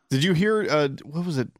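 A man co-hosting a podcast in casual chat, playful and quick to laugh. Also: fairly high pitch, dry recording, studio quality. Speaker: podcast co-host.

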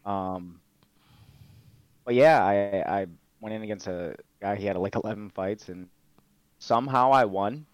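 A man's voice: lowish voice, a little slow, long pauses, dry recording. A young man telling stories in a casual interview, laid-back and swearing freely with plenty of fillers. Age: young adult. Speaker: guest, MMA fighter and streamer. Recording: dull, lo-fi dry sound.

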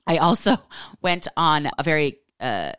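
A woman's voice: deep voice, measured pace, clean tone, dry recording, studio quality. Laughing woman in her forties telling stories. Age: 40s. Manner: animated, laughing storyteller. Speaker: podcast host. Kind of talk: casual storytelling monologue.

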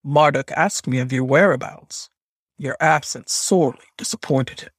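A man's voice: mid-range voice, normal speed, fairly bright tone, husky, dry recording, clean studio sound. A man reading a stern goddess grandmother. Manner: hard, demanding tone. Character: stern ancient goddess grandmother, cold and commanding.

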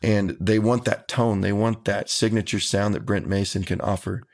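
Country singer, low steady gravelly voice, earnest and folksy. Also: male voice, normal speed. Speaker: country musician. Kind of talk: interview answers.

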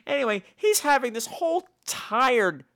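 Campy, high, sing-song man. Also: very animated, measured pace, a bit bright. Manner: campy, sarcastic, snarky. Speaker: podcast host and horror film reviewer. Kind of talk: casual spoken review.

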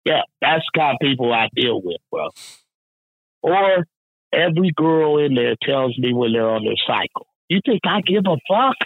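A man telling a rowdy work story in casual chat, profane, animated and laughing often. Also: mid-range voice, moderate pace, vocal fry, husky, no room sound, phone-quality sound.

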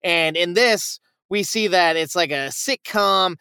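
A man's voice: high-pitched, slow, bright, forceful tone, clean tone, dry recording, clean studio sound. A man co-hosting a podcast, reviewing shows in loose, profane casual chat. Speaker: podcast co-host.

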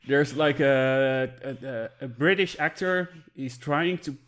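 A man's voice: medium pitch, slow pace, a bit bright. A man co-hosting a casual podcast, stammering and restarting his sentences as he talks. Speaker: podcast co-host. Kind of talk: casual chat.

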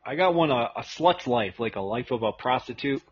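A man's voice: medium pitch, lively intonation, fairly quick. A man co-hosting a comedy podcast, trading crude, profane jokes and laughing often. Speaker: podcast co-host. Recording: dull lo-fi audio.

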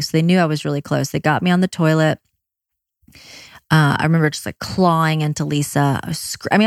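A woman candidly telling her own birth story, quick and blunt, with swearing and many fillers. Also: sits low, vocal fry, dry recording, clean studio sound. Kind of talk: personal storytelling.

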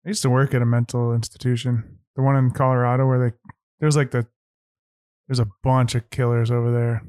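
A man's voice: medium pitch, little pitch movement, brisk, darkish tone, dry recording, studio quality. A man co-hosting a podcast in casual chat, laid-back and giving short reactions. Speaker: podcast co-host.

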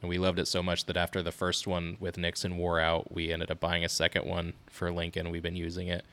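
A man in his thirties co-hosts a casual parenting podcast. His voice sits very low. He tells stories in an animated way, often breaking into laughter. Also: a little fast. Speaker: podcast co-host. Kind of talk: casual chat.

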